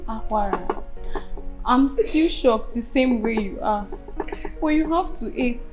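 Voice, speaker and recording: A woman's voice: on the high side, lively intonation, slow pace, over music, rough recording. A woman with a Nigerian accent playing a caring sister who soothes and pleads with a grieving widow. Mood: consoling. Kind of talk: Nollywood film acting.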